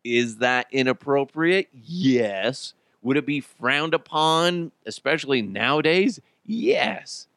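A man rants on his own comedy podcast, his pitch leaping up and down as he goes. He swears freely and keeps breaking into laughter. The sound is dry and close, with no room echo. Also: slow, hardly any pauses. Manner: profane, animated, laughs often. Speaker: podcast host. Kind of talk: comedic solo commentary.

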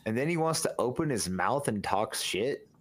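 A man's voice: medium pitch, expressive, normal speed. A man co-hosting a casual sports podcast, blunt, profane and teasing. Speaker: podcast co-host.

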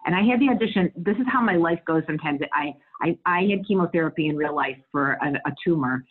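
A middle-aged actress chats as an interview guest. She is candid, animated and quick to laugh, with a low, husky voice. Her voice comes through thin and tinny, as over a phone. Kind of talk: casual interview storytelling.

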